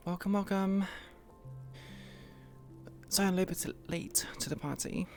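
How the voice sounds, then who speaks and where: A woman's voice: medium pitch, fairly even intonation, normal speed, faint music behind. A woman hosting a roleplay live stream in casual chat into her own microphone, swearing freely and laughing at herself.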